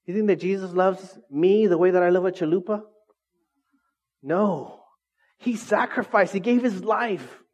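A man's voice: high voice, a little slow, a little mellow, muffled recording. A middle-aged man preaching a casual sermon as lead pastor of a small church, conversational and self-deprecating, often checking in with the congregation.

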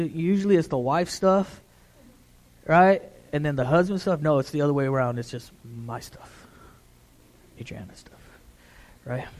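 A man's voice: a little high, darkish tone. Conversational preacher man, keeps asking "right?". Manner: conversational, repeats "right?" to the congregation. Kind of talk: sermon.

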